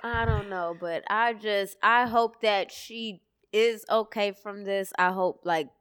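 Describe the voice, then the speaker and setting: A woman's voice: medium pitch, fairly even intonation, a bit bright, clear, resonant tone. A woman co-hosting a podcast, chatting emphatically and chiming in with agreement. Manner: emphatic, quick agreeing interjections. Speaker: podcast co-host. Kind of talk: casual podcast chat.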